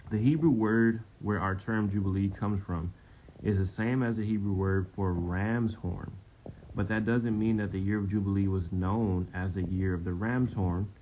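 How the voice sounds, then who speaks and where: Teaching a relaxed Bible study lesson, this man keeps things conversational, says things more than once, and checks in with "okay?" almost constantly. He speaks at a moderate pace in a lowish, fairly even voice; the sound is dull and a little lo-fi, with faint noise.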